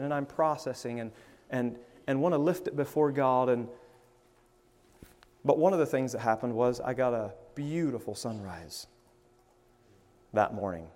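A man preaching an informal sermon, stammering over restarts and swinging from loud to hushed. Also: medium pitch, moderate pace, pauses often, long reverb tail. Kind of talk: conversational sermon.

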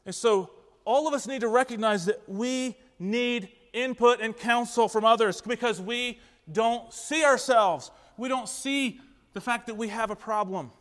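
A man's voice: extremely high pitch, measured pace, a bit bright, big-room sound. A man preaching an interactive sermon in a church, asking the congregation questions in an earnest manner. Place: church sanctuary.

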